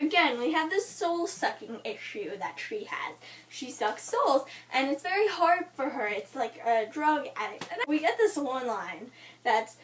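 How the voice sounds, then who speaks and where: A young woman gushes about a novel in a casual, giggly ramble. Her voice sits high and leaps around with excitement. She sounds a little distant from the microphone. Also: normal speed. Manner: gushing, animated, giggly fangirl rambling. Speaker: book vlogger. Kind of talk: casual book review chat.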